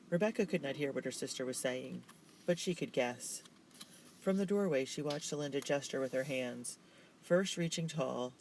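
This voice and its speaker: A man narrating a children's novel in a steady, measured way. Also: medium pitch, slight background noise, poor audio. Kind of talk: reading a children's novel aloud.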